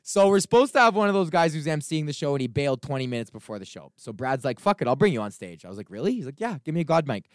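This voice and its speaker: A young man hosting his own podcast, ranting in a casual, profane, animated way and acting out the people in his stories. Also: on the high side, fast, hardly any pauses, no echo, clean studio sound. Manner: profane, animated storytelling with acted-out quotes. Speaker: podcast host.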